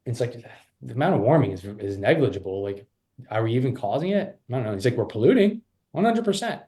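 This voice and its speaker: A man talking as a podcast guest, animated and rambling with frequent restarts. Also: on the low side, quick pace. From Canada. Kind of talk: casual interview chat.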